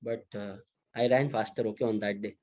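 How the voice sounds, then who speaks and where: Fairly low in pitch and a little fast, this lecturer from Mumbai speaks Indian English. In a relaxed classroom manner, he shares chatty, animated stories with his students, performing the quoted lines as he goes.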